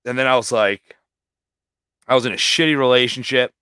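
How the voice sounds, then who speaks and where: A man who is a livestream guest, rambling through personal stories and swearing freely. His voice sits at an ordinary middle pitch. The recording is dry and close, with no room echo. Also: fairly quick, sharp tone, clear, resonant tone. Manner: rambling, heavily profane storytelling. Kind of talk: casual storytelling.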